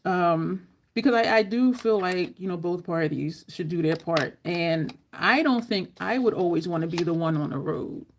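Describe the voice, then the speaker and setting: A woman makeup vlogger chatting casually through a tutorial, animated, swearing and laughing as she acts out the people in her story. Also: on the low side, normal speed, hardly any pauses, slight background noise.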